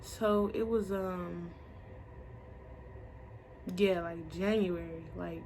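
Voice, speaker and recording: Young woman, gravelly voice, blunt profane storytime, faint background noise. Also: lowish voice, drawn-out words. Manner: blunt, profane, animated retelling with quoted voices. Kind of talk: casual storytime vlog.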